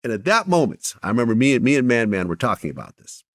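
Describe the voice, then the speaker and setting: A man giving a casual interview, telling a story and dropping his voice softly when he acts out quotes. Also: very animated, fast. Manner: storytelling, drops his voice low and soft to act out quotes. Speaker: interview guest, actor.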